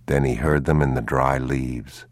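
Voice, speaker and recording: A man narrating an audiobook in a slow, grave, measured manner. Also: very deep voice, steady tone, no echo.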